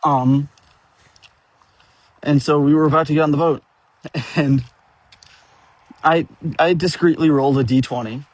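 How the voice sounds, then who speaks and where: A man with a husky, somewhat rough voice spins a rambling tale from his tabletop game, swearing freely and breaking into chuckles along the way. His voice sits close and dry, with no room sound around it. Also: a little high, steady tone, unhurried, pauses often, no echo. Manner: profane, rambling, with frequent chuckles. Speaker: tabletop game player telling a story. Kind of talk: rambling casual storytelling rant.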